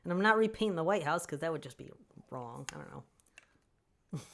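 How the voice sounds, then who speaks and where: A woman hosting a casual livestream Q&A for fans, answering viewer comments in an animated, opinionated way and laughing often. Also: low-pitched, normal speed, gravelly, pauses often. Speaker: author hosting a fan Q&A stream.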